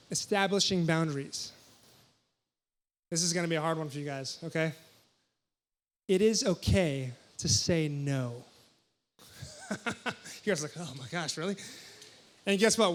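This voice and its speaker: A young male pastor with a high, bright-pitched voice delivers a lively sermon to a congregation. He tells playful stories and breaks into sudden loud exclamations. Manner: animated, jokey storytelling with sudden loud exclamations. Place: church hall before a congregation.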